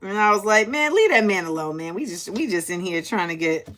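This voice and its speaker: Bright-voiced New woman telling stories. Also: medium pitch, brisk. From Harlem, New York. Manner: animated, acts out quoted voices. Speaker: host. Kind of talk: casual storytelling chat.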